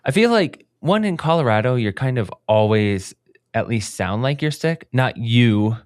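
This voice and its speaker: A man's voice: medium pitch, expressive, unhurried, dry recording, studio quality. A man co-hosting a running podcast, chatting casually and rambling with lots of fillers. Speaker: podcast co-host. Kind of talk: casual chat.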